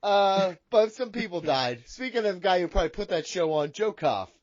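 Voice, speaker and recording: High-voiced, crude joking male host. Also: lively intonation, normal speed, no room sound, dull audio. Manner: crude, profane, rambling joking. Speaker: podcast host. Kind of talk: casual chat.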